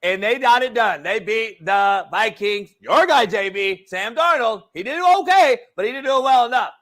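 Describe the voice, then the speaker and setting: A hyped male sports-talk blowhard, as a man puts him on, barking game takes in a voice pushed up very high. He shouts and keeps calling the other host by name. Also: animated, moderate pace.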